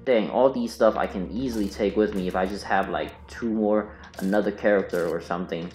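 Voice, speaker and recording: A man with a lowish voice gives casual let's-play commentary, mumbling as he thinks aloud to his viewers. His voice sounds roomy. Game music plays faintly underneath. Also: a little fast, a little mellow. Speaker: gaming channel host.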